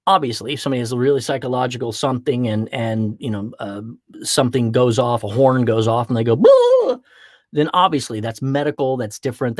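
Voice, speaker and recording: A man hosting a podcast, giving an animated motivational talk and slipping into acted voices for quick examples. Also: mid-range voice, no room sound, studio quality. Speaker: podcast host.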